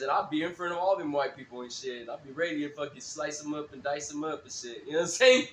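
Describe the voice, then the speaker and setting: A man's voice: fairly high pitch, quick pace, few pauses, a bit bright, roomy sound, a little hiss or hum. A man rambling through a profane, laugh-filled story on a live stream.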